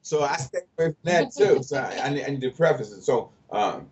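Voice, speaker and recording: A man's voice: mid-range voice, animated, brisk, a little mellow. A man guest telling his story in an interview, blunt and plainspoken. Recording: distant, dull lo-fi mic.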